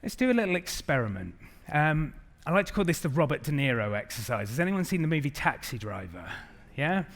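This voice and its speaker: A middle-aged man giving an animated keynote talk to a live audience, acting out the quotes in his stories. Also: a little high, a little fast. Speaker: conference speaker.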